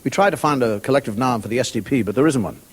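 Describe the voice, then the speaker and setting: A comedian with a medium-pitched voice delivers a wry, conversational stand-up monologue very fast in a TV studio before a live audience. The 1990 broadcast is very noisy, with audience laughter.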